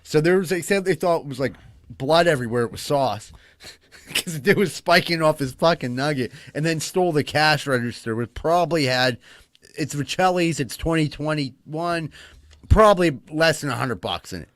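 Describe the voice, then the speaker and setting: A man's voice: a little high, moderate pace, dry recording, studio quality. Laughing man. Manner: laughing, profane storytelling. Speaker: podcast co-host. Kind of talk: casual podcast chat.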